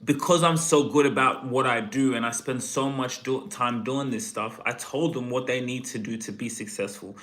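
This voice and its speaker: A man spins a casual anecdote about a business pitch with easy confidence. His voice sits in an ordinary middle register and keeps an unhurried, conversational flow. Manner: relaxed, confident, loose anecdotal delivery. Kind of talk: casual storytelling.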